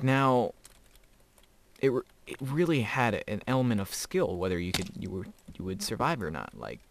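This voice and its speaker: A man's voice: fairly low pitch, a little hiss or hum. A teenage boy giving casual, rambling gameplay commentary, chatty and often breaking into laughter. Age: teens. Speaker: gamer.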